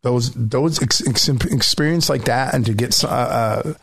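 A man's voice: mid-range voice, a little slow, breathy edge. A man chatting casually as a streamer guest, telling a story with feeling, with frequent restarts. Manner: emotional, animated storytelling with many restarts. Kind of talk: casual chat.

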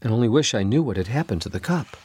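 A man voicing a kind, anxious young serving girl in a storybook reading, raising his voice high and pleading. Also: animated, fast, darkish tone, breathy edge. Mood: tearful.

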